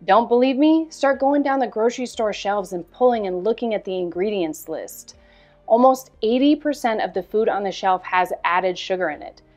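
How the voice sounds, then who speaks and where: A woman in her thirties talks in a middle-pitched voice, frank and animated, dropping the odd swear word as she tells her story. Faint music plays quietly behind her voice. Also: moderate pace. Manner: animated, candid, swears casually. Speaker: health coach. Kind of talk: storytelling promo talk.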